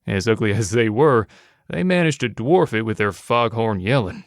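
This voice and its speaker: A man's voice: on the low side, lively intonation, normal speed, no echo, clean studio sound. A man narrating an audiobook in a wry, casual first-person manner.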